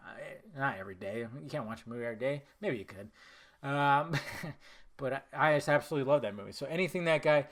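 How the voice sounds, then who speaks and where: A podcast host with a slightly high voice and a sharp tone chats casually about film. He swears freely, rambles off on tangents, and corrects himself a lot.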